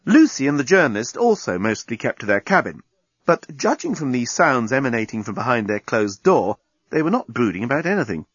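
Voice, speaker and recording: A male audiobook narrator with a lively, swooping delivery and a slightly husky voice. He tells the story wryly, and the recording is dry and muffled. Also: mid-range voice, fairly quick, no room sound.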